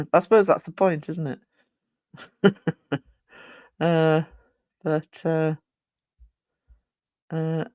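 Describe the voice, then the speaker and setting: The voice is medium in pitch with a darkish tone and no room sound. It belongs to a live-stream host who chats loosely, reads out chat, and thanks viewers while stumbling through fillers and restarts.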